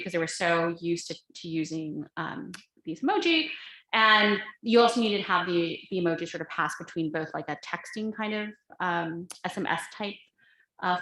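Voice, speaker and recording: A woman gives a relaxed guest lecture, talking her way through slides with plenty of "you know" and "um." Her voice is bright and a little low for a woman. The sound carries a noticeable echo from the room. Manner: chatty, many fillers and asides.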